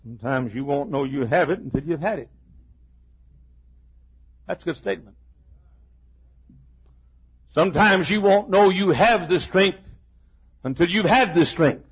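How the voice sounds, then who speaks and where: An older man preaching a sermon, emphatic, with stammered restarts and shouted peaks. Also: a little high, lively intonation, unhurried, pauses often, slightly rough, dull audio.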